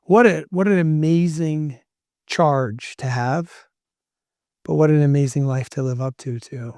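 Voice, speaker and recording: A man's voice: a little high, unhurried, dark tone, no echo, clean studio sound. A middle-aged man, a podcast guest, talking earnestly and emphatically like a motivational speaker. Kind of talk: casual interview talk.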